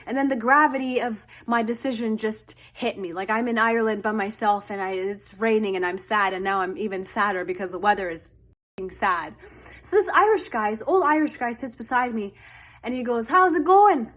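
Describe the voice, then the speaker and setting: A woman's voice: mid-range voice, brisk, a bit bright. A young woman from Canada, chatting casually as she tells a story with quoted dialogue. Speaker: vlogger.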